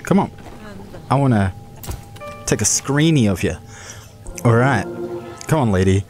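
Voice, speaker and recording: A man's voice: mid-range voice, expressive, unhurried. A man hosting a casual let's-play video, joking around in a goofy, self-mocking way. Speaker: gaming video host. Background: game music.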